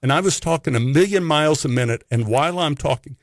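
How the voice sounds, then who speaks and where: A man's voice: fairly high pitch, fast, no echo, studio quality. A man, an actor, telling a comic anecdote and acting out the people in it. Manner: animated storyteller who acts out the people in his tale. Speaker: actor telling stories as a guest.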